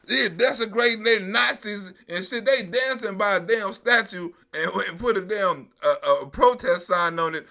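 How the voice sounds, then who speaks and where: A man's voice: sits high, moderate pace, creaky, few pauses, bright, forceful tone. A middle-aged man from New York giving profane, mocking live-stream commentary on news clips, laughing and swearing constantly.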